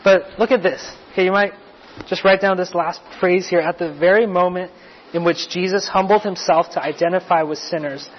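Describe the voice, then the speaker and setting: A man preaching a sermon as pastor, explaining a passage in a conversational way with restarts and light asides. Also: high-pitched. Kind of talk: sermon teaching. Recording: muffled lo-fi recording.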